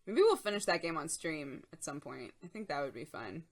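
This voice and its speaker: A woman's voice: low voice, sing-song, a little fast. A young woman hosting a casual live-stream chat show, reading and answering chat in a chatty, giggly way. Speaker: streamer host.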